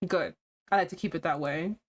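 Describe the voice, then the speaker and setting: A woman voicing a brooding, possessive young man from a visual novel, speaking low and gruff. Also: fairly quick, a bit bright. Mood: menacing.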